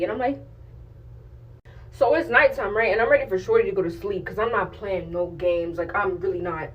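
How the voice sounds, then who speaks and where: A woman's voice: medium pitch, moderate pace, distant mic, highs cut off. A young woman telling a personal story to camera in blunt, slangy, profane casual talk. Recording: voice a bit off-mic.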